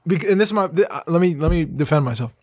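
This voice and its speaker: A man with a slightly raised pitch chats casually, acting out what people said and laughing through his stories. His speech is loose and full of profanity. The sound is close and dry. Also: fast talker, dry recording. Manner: animated storyteller who acts out quotes, swears, laughs often. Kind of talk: casual chat.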